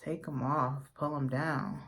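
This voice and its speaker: A tipsy young woman with a low voice talks loosely through her makeup routine. She rambles, swears freely and throws playful insults between steps. Her voice sits deep for a woman. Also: fairly even intonation, takes it slowly, a bit bright. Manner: profane, rambling, playful trash talk. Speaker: beauty vlogger. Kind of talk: casual makeup tutorial chat.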